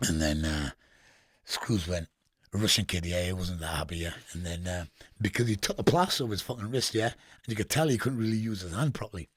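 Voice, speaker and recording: A man's voice: sits low, a little fast, a bit bright, husky, dry recording. Geordie guy telling stories on a podcast, swears loads, laughs at his own bits, dry close mic. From England. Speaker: podcast guest. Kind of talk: storytelling in casual interview.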